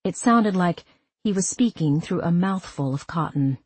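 Female audiobook narrator, low breathy tone, dry close sound, steady first-person reading. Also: normal speed, no echo.

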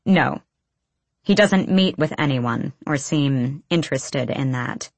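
A woman reading the lines of a blunt, teasing, sharp-eyed clan girl in an audiobook. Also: very deep voice, takes it slowly, no echo, heavily acted.

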